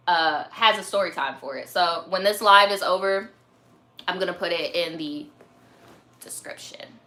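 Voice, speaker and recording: Bright-voiced chatty young woman. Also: medium pitch. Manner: chatty, slangy, laughs often, swears. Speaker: host reading viewer stories on a live stream. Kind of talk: casual chat.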